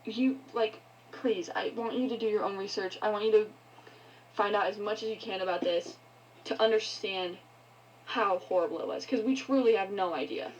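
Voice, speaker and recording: A woman's voice: medium pitch, muffled recording, slight background noise. A woman ranting angrily to her viewers, swearing often and breaking off mid-sentence. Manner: angry, swearing, halting. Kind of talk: heated rant to camera.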